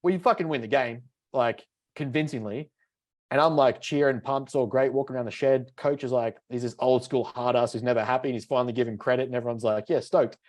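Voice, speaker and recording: A man talks quickly, cursing casually as he tells animated stories on a podcast. His pitch sits in an ordinary middle range for a man. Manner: swears freely, animated storytelling. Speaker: podcast co-host.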